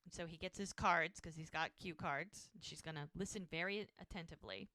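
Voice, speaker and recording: A woman's voice: no echo, clean studio sound. A woman co-hosting a podcast, recapping an episode in casual chat and acting out lines as she goes. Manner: animated recapping, acting out lines with quick shifts in pitch. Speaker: podcast co-host.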